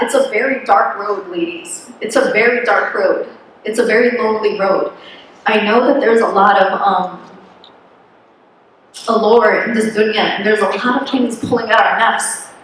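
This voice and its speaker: A woman's voice: a little high, a bit bright. A woman in her thirties giving an earnest personal talk to a conference audience. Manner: earnest, emotional at times. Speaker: conference speaker. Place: large conference hall. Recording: very echoey hall, faint noise.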